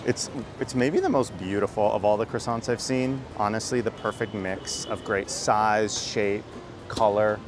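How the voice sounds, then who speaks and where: A man from the United States in his thirties, chatting excitedly and casually while tasting pastries on city streets, swearing now and then. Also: on the low side, unhurried, over music. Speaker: food vlogger. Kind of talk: casual food vlog. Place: streets and bakeries of a city, outdoors.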